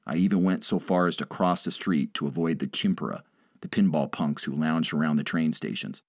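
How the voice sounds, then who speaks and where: A man reading a first-person story aloud in a measured, dramatic way. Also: a bass voice, no room sound. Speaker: narrator.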